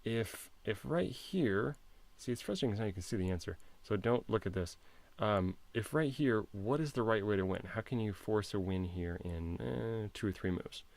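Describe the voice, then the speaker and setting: Low, gravelly man teaching chess casually. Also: expressive, moderate pace. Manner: chatty, self-interrupting, poses puzzles to viewers. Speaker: chess instructor. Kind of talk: casual chess lesson walkthrough.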